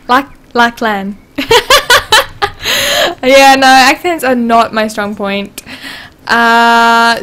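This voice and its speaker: Giggly high-voiced woman streaming a game. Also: fairly bright tone. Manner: chatty, giggly, reads game dialogue aloud. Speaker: livestream host. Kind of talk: casual gameplay livestream.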